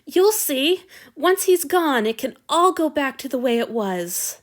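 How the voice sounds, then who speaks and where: A woman's voice: high voice, big pitch swings, a little slow, voice pushed up. A woman voicing a centuries-old male vampire who is possessive and violent, shifting between snarling and false soothing, in a fan fiction reading. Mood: falsely soothing.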